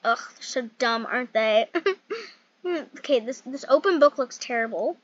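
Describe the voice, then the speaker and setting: Brief: high-pitched woman rambling through a building game, self-mocking and giggly. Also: moderate pace, no room sound, lo-fi sound. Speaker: game YouTuber. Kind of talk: casual gameplay commentary.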